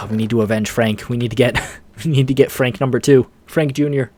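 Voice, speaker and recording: A man's voice: mid-range voice, steady tone, a little fast, darkish tone, no room sound. A man giving casual, rambling commentary over his own gameplay, laughing often. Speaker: let's play host.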